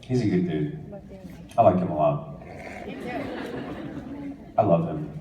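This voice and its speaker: A man's voice: rumbling low, slow, lo-fi sound. A man from New Jersey, a guest actor answering fan questions at a convention panel, joking and teasing and laughing often. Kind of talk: casual fan Q&A. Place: large convention hall with an audience. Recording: echoey hall, distant mic, crowd noise.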